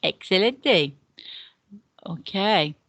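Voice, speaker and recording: A woman's voice: mid-range voice, animated, extremely slow, a bit bright, dry recording. A woman teacher giving a recorded beginner language lesson, explaining patiently and step by step, often repeating words to pupils. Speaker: deputy head and Spanish teacher.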